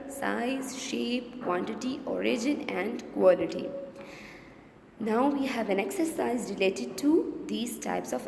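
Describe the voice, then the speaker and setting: A woman's voice: on the high side, vocal fry, a little mellow, slight background noise. Pakistani-accented woman teacher, echoey room. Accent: Pakistani English. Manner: repeats words slowly, asks rhetorical check questions. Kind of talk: classroom revision lesson. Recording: echoey room with long reverb.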